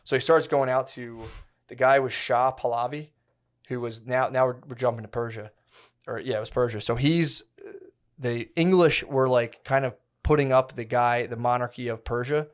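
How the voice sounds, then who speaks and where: Man, podcast co-host, casual chat, rambling, slangy, middle pitch. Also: fairly even intonation, normal speed, clear, resonant tone. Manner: rambling, slangy storytelling with frequent restarts.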